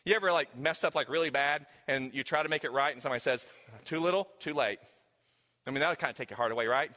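A man's voice: medium pitch, very fast, sharp tone. A man preaching a sermon, talking emphatically to the congregation and asking them questions directly. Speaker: pastor. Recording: long hall reverb.

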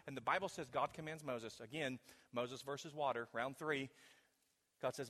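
A man's voice: mid-range voice, normal speed. Dramatic preacher man in a reverberant hall. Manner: dramatic storytelling, swings from shouting to hushed. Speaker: pastor. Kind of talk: sermon.

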